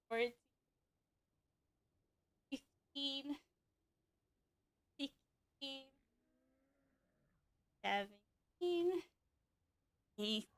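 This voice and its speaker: A woman counts her reps out loud during a casual live stream. Her voice sits a little high, and she speaks slowly and unhurriedly. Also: smooth. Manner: counting reps aloud, laughing between counts. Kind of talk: casual live-stream chat while exercising.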